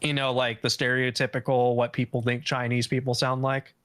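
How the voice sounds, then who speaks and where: A man's voice: mid-range voice, flat delivery, a little fast, a bit bright, no room sound. Blunt rambling man gossiping. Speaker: stream guest. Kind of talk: casual gossip chat.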